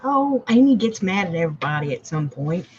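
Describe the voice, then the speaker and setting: A woman's voice: on the low side, sing-song, brisk, darkish tone, muffled recording, a little hiss or hum. A woman co-hosting a live stream, chatting casually and reading out viewer comments, laughing often. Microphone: online streaming call.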